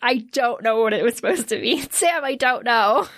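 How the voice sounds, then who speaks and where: A young woman co-hosting a podcast, recapping a horror movie in an animated, giggly way with lots of "like" fillers. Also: on the high side, normal speed, no room sound, clean studio sound. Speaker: podcast co-host. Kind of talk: casual chat recapping a movie.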